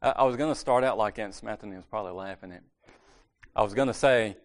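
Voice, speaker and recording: A man's voice: on the low side, fast. A man giving a casual, conversational sermon at a church meeting, correcting himself and joking lightly as he goes.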